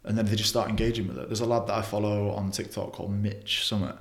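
A man's voice: fairly low pitch, animated, fast talker, hardly any pauses, reverberant. A young man talking bluntly in a casual interview, swearing often and restarting his sentences. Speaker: podcast guest.

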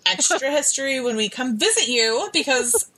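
A woman's voice: sits high, expressive, normal speed, sharp tone. A woman in her thirties co-hosting a podcast, chatting casually with a sarcastic, joking manner. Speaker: podcast co-host.

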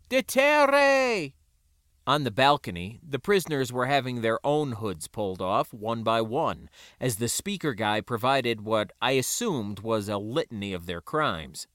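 A man narrating a first-person story aloud in an expressive reading. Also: fairly low pitch, no room sound, clean studio sound. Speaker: audiobook narrator.

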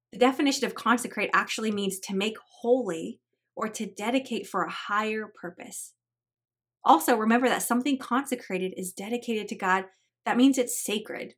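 A woman podcast host, a mother, telling personal stories and teaching scripture in an earnest devotional style. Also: mid-range voice. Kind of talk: Christian devotional podcast talk.

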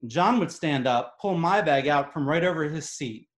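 Spinning a comedic story for a live audience, an exasperated, animated man speaks at a moderate pace. His voice is a touch high for a man and strongly stresses his points, with clear echo from the room.

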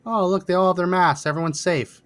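A man's voice: high voice, fairly even intonation, a bit bright. Sardonic male political podcast host. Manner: brisk, sardonic, directing the producer.

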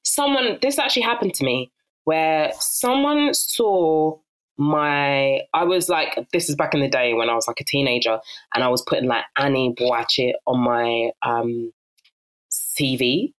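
Lively South London woman. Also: a bass voice, unhurried. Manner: animated storyteller who acts out voices, laughs often. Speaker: guest. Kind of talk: casual interview chat.

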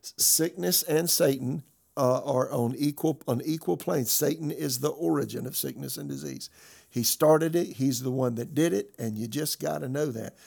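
Gravelly-voiced man preaching with emphasis. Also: a little high, moderate pace, a little mellow. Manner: emphatic preaching, reading scripture aloud. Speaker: pastor. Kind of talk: sermon.

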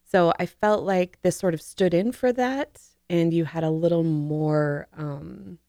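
A woman's voice: on the low side, a little slow, warm tone, dry recording, clean studio sound. A woman co-hosting a casual book podcast, talking thoughtfully and laughing often.

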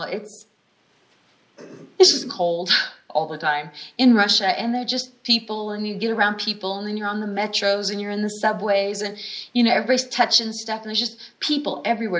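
A woman's voice: medium pitch, fairly bright tone. A woman giving a conversational teaching sermon at a healing school, telling stories animatedly and stressing points with repeated phrases. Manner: frequent restarts and brief laughs.

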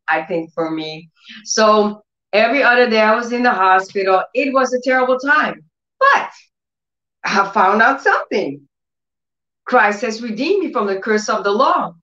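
A woman giving an emotional sermon testimony. Her speech grows more intense as she moves into near-shouting proclamations. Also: on the high side. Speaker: testimony speaker. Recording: echoey room, dull lo-fi sound.

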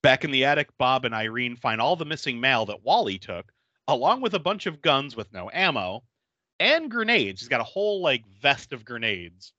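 A man hosting a podcast, casually recapping a horror film with animated storytelling and frequent laughter. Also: mid-range voice, normal speed, no echo, lo-fi sound. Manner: animated storyteller, acting out quotes and laughing often. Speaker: podcast host. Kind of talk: casual movie recap chat.

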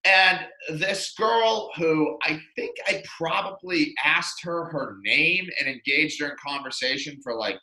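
A young man tells a long story in a casual, rambling way, full of fillers and self-deprecating asides. His voice is very bright and sits a little high. The room around him sounds echoey. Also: unhurried, hardly any pauses. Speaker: podcast co-host.

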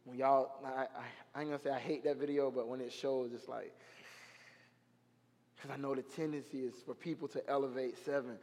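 A young man preaching a sermon in an animated, slangy storytelling way, his voice rising to shouts at the high points. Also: brisk. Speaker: guest preacher. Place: church sanctuary. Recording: long hall reverb.

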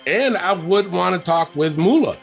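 A man co-hosting a casual podcast, reading out listener comments and chatting in an animated way. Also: sits high, moderate pace, vocal fry, faint music behind. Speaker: podcast co-host.

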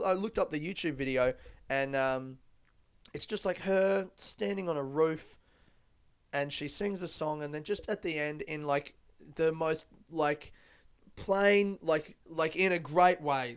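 A man's voice: on the high side, smooth. A young man hosting a podcast, chatting casually on his own, rambling, swearing freely and breaking into his own jokes. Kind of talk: casual solo chat.

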